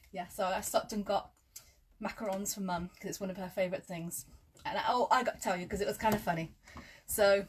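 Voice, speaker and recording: A woman's voice: medium pitch, a little fast, pauses often, a little hiss or hum. A woman teaching quilting in a chatty live tutorial. She talks through measurements step by step and drifts into friendly asides.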